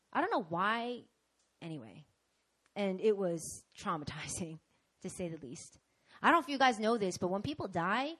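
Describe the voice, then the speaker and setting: A young woman preaching and telling a personal testimony, animated, swinging from hushed to loud. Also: mid-range voice. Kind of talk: sermon testimony storytelling.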